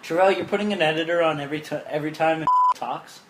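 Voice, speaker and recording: A man's voice: fairly high pitch, fast, a little hiss or hum. Laughing man in an echoey room. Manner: laughing, bossy about game rules. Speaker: podcast co-host. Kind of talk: casual chat among friends.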